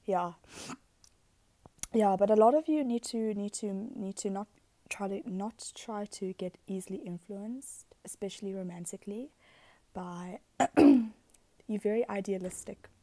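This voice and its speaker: Chatty, giggly woman with a mellow voice. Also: medium pitch, a little slow. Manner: giggly, chatty, swears, drops into whispered asides. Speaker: astrology vlogger. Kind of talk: casual rambling talk to camera.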